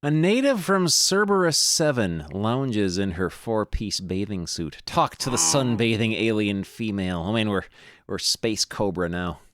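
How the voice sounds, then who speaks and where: A man's voice: lowish voice, expressive, unhurried, fairly bright tone, no room sound, studio quality. A man streaming a video game, reading the on-screen text aloud with jokey, sarcastic asides.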